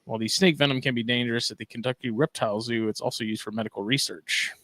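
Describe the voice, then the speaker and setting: A man's voice: mid-range voice, steady tone, quick pace, a bit bright, no room sound. A man co-hosting a casual podcast, talking in a laid-back, drawling way and reading news items aloud. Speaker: podcast co-host.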